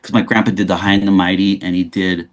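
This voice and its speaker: A man's voice: low-pitched, fast talker. A man from Los Angeles, a guest actor telling stories in a casual interview and often restarting his sentences. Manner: animated storyteller, frequent restarts.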